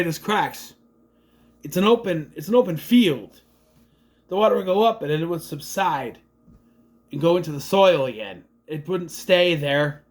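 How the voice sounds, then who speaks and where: Young man, lively rambling movie recap, higher-pitched voice, very animated intonation. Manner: rambling, animated, quick quoted impressions of characters. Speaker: movie reviewer.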